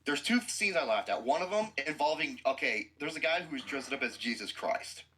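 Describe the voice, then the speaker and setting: A man's voice: on the high side, lively intonation, moderate pace, bright, forceful tone, poor audio. A man hosting a podcast who gives a blunt, profane movie review with explosive outbursts.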